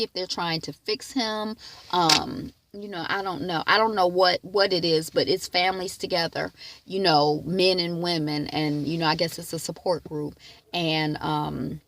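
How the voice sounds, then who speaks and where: A woman's voice: fairly low pitch, fairly even intonation, normal speed, fairly bright tone. A woman chatting casually through a TV episode recap from home, rambling with lots of fillers and now and then acting out the characters' lines. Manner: acts out characters' lines in quotes. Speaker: TV recap vlogger.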